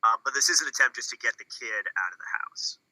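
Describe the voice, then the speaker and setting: A man recapping a film on a podcast, rambling with lots of ums and acting out lines as he goes. His voice is very bright and sharp. It is dry and close on the mic. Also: mid-range voice, quick pace, no room sound, low-quality recording. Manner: rambling, many ums and uhs, acts out quotes. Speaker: podcast co-host. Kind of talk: casual chat, recapping a film plot.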